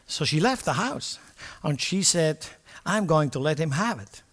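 An older man preaching a sermon with passion, moving from quiet asides to loud declarations. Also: on the high side, expressive, measured pace. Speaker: pastor. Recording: long hall reverb.

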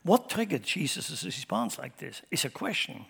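A man preaching a sermon who speaks emphatically, swinging his loudness up and down and asking his congregation rhetorical questions. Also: mid-range voice, big pitch swings, normal speed, gravelly, hardly any pauses, breathy edge. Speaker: pastor. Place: church sanctuary. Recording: long hall reverb.

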